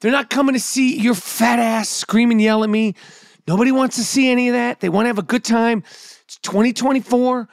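A middle-aged man talks in a brash, profane, storytelling way on a podcast. His voice sits unusually high for a man. The sound is dry, with no room around it. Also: steady tone, brisk, creaky, no echo. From New York. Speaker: podcast host and comedian. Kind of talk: casual podcast chat.

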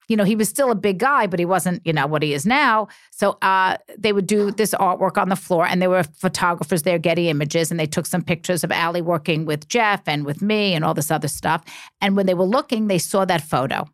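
Chatty animated woman storyteller. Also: lowish voice, brisk, no echo, clean studio sound. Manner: animated, chatty, self-interrupting. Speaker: reality TV personality, podcast guest. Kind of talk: casual storytelling chat.

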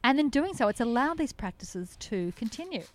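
A woman's voice: a little high, big pitch swings, moderate pace. A middle-aged woman, founder of an animal sanctuary, telling stories in a podcast interview in an earnest, enthusiastic way and laughing often. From Australia.

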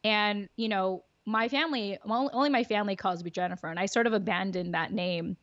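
A woman's voice: mid-range voice, a little fast, fairly bright tone, no echo, dull audio. A woman talking openly and reflectively as a podcast guest, laughing often. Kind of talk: casual conversation.

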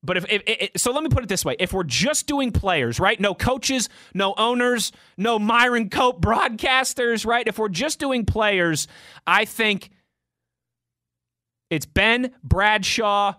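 A man's voice: sits high, animated, slow pace, sharp tone, no room sound, studio quality. A young man hosting a casual sports talk show, answering fan tweets off the cuff in a rambling, conversational way.

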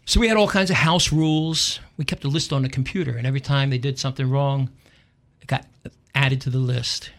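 A middle-aged man and radio host giving a humorous monologue, telling dry, deadpan stories with wry punchlines. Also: medium pitch, a little fast.

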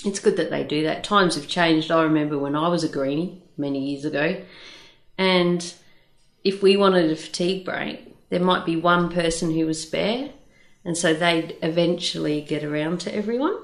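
An older woman with a slightly low voice hosts a casual chat. She talks frankly and chatty, with easy swearing. The recording has a roomy echo. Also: moderate pace.

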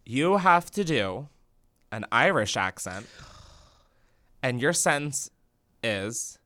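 A man's voice: medium pitch, sing-song, slow pace, bright, forceful tone, no room sound, studio quality. A man co-hosting a podcast in casual chat, joking, swearing and laughing often. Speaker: podcast co-host.

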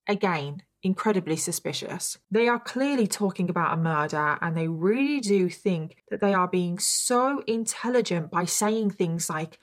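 A woman's voice: lowish voice, animated, moderate pace, few pauses. A woman hosting a true crime podcast, telling the case in a chatty way with wry rhetorical asides.

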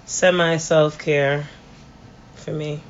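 A woman's voice: low-pitched, level tone, slow pace. A woman co-hosting a casual sports podcast, dry and sarcastic. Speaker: podcast co-host. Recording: dull lo-fi audio with faint hiss.

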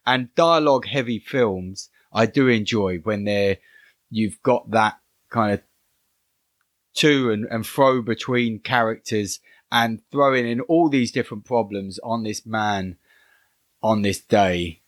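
A man thinking out loud about a film's tension and dialogue on a podcast, earnest and full of restarts. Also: fairly low pitch, slow pace, no echo, studio quality. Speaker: podcast co-host. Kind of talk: casual film review chat.

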